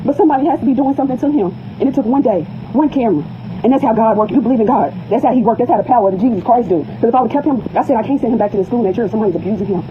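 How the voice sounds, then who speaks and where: A woman's voice: on the high side, very fast, phone-quality sound, noisy background. A mother confronting school staff indoors, distraught and pleading, repeating her accusing questions, filmed on a phone.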